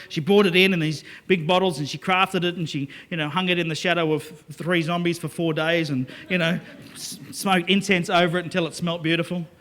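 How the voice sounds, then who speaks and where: High-voiced man working a seminar crowd. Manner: lively, joking, audience-engaging. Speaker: business speaker. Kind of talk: live seminar talk to an audience.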